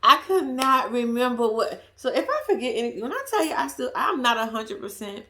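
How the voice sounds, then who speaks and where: A woman's voice: fairly high pitch, big pitch swings, brisk, bright, forceful tone. A woman vlogger telling a story to her viewers in casual chat, swearing freely and laughing at herself.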